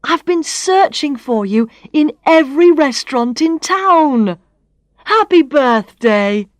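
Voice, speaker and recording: A woman's voice: sits high, animated, takes it slowly, no room sound, clean studio sound, voice pushed up. A woman voicing an eager, kind young man in a storybook reading. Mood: excited.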